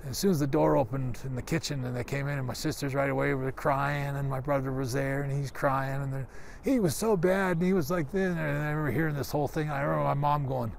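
A gravelly older man from Canada reminisces about his childhood, rambling and restarting his sentences as he goes. He speaks at a middle pitch, recorded outdoors with faint noise in the background. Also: quick pace. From Calgary, Canada. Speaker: guest giving a tour. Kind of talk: casual storytelling.

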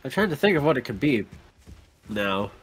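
A man's voice: mid-range voice, big pitch swings, normal speed, slightly rough. A man co-hosting a casual game let's-play, rambling and laughing often. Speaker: gameplay co-host.

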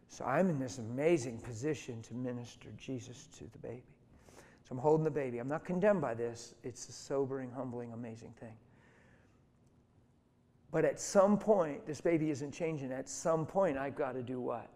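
Man, middle-aged, preacher, sermon, expressive storytelling, mid-pitched voice, long hall reverb. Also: normal speed. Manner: animated storytelling, acts out voices.

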